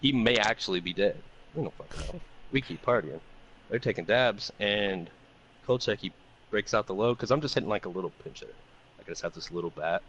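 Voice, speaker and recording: A man co-hosting a podcast, telling a long profane party story in a loose, animated way. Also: lowish voice, brisk, dull audio, slight background noise. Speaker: podcast co-host. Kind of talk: casual storytelling chat.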